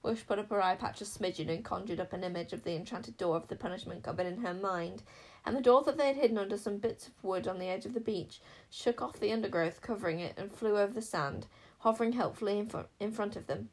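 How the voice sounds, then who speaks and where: A woman storyteller reading a children's fantasy novel aloud in a measured, expressive way. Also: medium pitch, rough recording. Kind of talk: audiobook narration.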